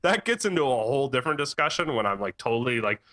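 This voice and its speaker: A man co-hosting a casual podcast, telling animated stories and laughing often. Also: mid-range voice, fast talker. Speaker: podcast co-host. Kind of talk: casual chat, storytelling. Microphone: headset or desk mic in a live-streamed podcast.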